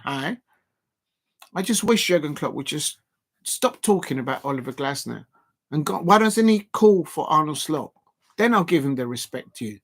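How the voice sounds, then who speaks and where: Brief: male stream host, raised pitch, animated and indignant, chatty fan commentary. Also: vocal fry. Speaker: football watch-along host. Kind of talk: live-stream chat reading viewer comments.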